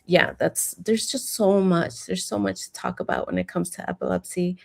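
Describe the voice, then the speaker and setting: Low, gravelly-voiced woman giving encouragement. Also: fairly even intonation, normal speed. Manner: encouraging, warm-hearted advice with fillers. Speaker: guest, epilepsy advocate. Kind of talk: casual interview talk.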